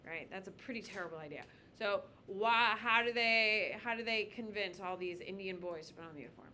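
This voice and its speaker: Woman, high school teacher, classroom lecture, bright voice, blunt and joking, faint background noise. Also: a little fast. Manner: blunt, joking, calls on students by name.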